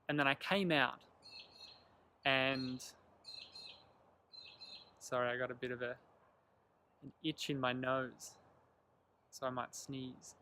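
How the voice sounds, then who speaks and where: A young man telling a personal story to camera in an earnest, animated way, acting out the lines of the people in it. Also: medium pitch, slight background noise. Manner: earnest, animated retelling with quoted dialogue. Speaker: vlogger.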